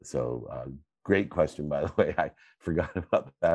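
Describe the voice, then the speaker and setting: A middle-aged man hosting a live Q&A, answering questions in a fervent, preachy way that swings between loud bursts and quiet asides. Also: extremely low pitch, normal speed, no echo, highs cut off. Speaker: host and coach. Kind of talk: motivational Q&A answers.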